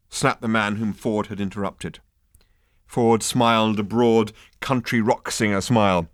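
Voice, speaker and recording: A man's voice: lowish voice, steady tone, measured pace, dry recording. A man narrating an audiobook in a dry, wry storytelling manner.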